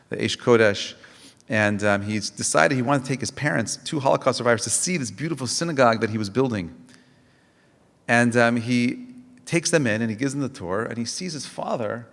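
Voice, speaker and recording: A man's voice: mid-range voice, vocal fry, big-room sound. A man, a rabbi, giving an impassioned Tisha B'Av lecture, asking rhetorical questions and telling stories with frequent restarts.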